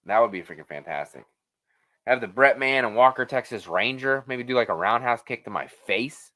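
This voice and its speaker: A man's voice: mid-range voice, moderate pace. A man hosting a casual live-stream Q&A, rambling and swearing freely as he reads the chat. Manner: rambling, profane, animated.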